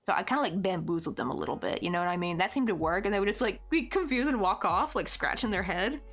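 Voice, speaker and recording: This mid-range, slightly bright voice belongs to a Tennessee woman with a mild West Tennessee twang, talking fast and expressively. She rambles casually with lots of fillers as she crochets live on stream.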